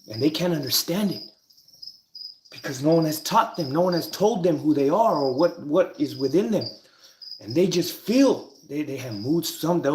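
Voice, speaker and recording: A man teaching about spiritual ideas in a casual, rambling monologue, swearing freely, restarting sentences, and getting loud and excited when he makes a point. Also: mid-range voice. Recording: echoey, with bird and cricket noise.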